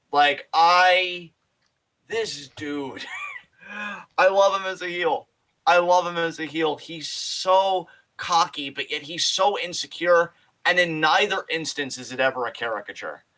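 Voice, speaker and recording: A man co-hosting a podcast in casual chat, excited and animated, swearing freely as he talks. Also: mid-range voice, rough recording. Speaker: podcast co-host.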